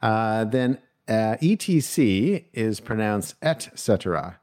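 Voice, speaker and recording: Man, podcast host, lower pitch, casual solo chat, self-deprecating, frequent fillers. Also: lively intonation, slow pace, a little mellow, clear, resonant tone. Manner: chatty, self-deprecating, laughs often; thinks aloud with many fillers.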